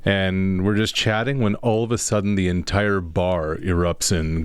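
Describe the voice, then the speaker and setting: A man co-hosts a sports radio show in a dry, close studio sound, his voice pitched on the low side. He tells stories casually and gets animated when he makes a point. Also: normal speed, few pauses, clean tone, dry recording. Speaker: sports broadcaster co-host.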